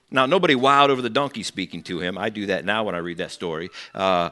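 A man preaching a sermon as pastor, telling stories with animated asides and acting out the people he quotes. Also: sits low, quick pace, few pauses. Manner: conversational asides to the congregation.

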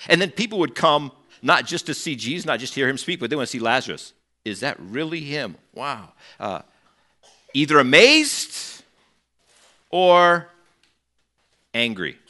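A man preaching a sermon as pastor, telling stories with animated asides and acting out the people he quotes. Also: fairly high pitch, moderate pace, pauses often. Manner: conversational asides to the congregation.

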